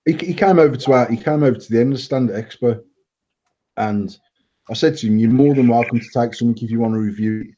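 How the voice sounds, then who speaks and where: A man's voice: mid-range voice, quick pace, warm tone, muffled recording. A man from England co-hosting a casual chat, blunt and rambling, swearing freely and restarting his sentences. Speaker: vape company owner, co-host.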